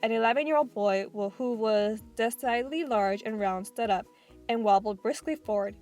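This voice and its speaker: A woman narrates a children's novel aloud as an audiobook, reading plainly and sometimes stumbling over a word. Her voice sits fairly high. Faint music plays behind her. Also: moderate pace, darkish tone. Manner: plain reading with small slips.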